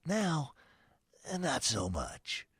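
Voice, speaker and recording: A man putting on the voice of a folksy grandpa for a radio ad, talking slow and drawn out. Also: on the high side, wildly swooping pitch, a bit bright, slightly rough, no room sound, studio quality, heavily acted. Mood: nostalgic. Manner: slow, drawn-out old-timer drawl. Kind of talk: ad read in character.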